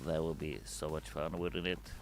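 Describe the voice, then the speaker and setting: A man streaming, casually reading viewer messages aloud in a loud, playful, chatty way. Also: very deep voice, level tone, moderate pace. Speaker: game community streamer. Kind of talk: casual livestream chat.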